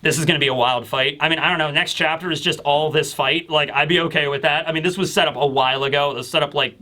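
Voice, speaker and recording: Excitable, bright-voiced male manga reviewer. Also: on the high side, quick pace. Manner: excitable, rambling, swears casually. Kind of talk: casual chapter review.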